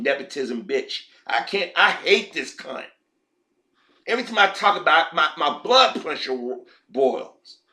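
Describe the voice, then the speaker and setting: A man's voice: on the high side, pushed and bright. A man ranting in heated, profane commentary as a vlogger.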